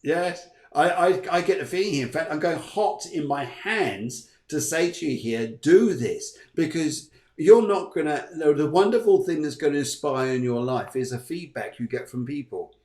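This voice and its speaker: A man's voice: on the high side, lively intonation, normal speed, few pauses, a little mellow, reverberant. A man hosting a live psychic reading show, chatty, upbeat and encouraging. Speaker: psychic medium host.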